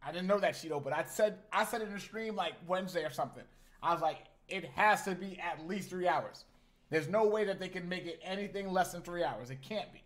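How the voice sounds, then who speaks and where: Animated slangy male streamer. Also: sits high, brisk. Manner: animated, slangy, talks to chat. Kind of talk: casual live-stream chat.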